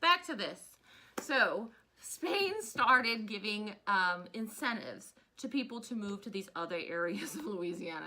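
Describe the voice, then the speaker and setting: A woman in her thirties gives a casual recorded history lesson, chatty and prone to animated tangents. Her pitch swoops widely and her tone is bright and forward. A faint hiss sits under the recording. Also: unhurried. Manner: chatty, digresses into animated personal rants. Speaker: teacher.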